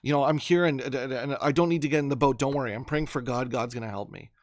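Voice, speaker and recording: A man's voice: mid-range voice, quick pace, no echo, clean studio sound, close to an everyday voice. A man playing a desperate stranded man praying. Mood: stubborn. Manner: pleading, hushed.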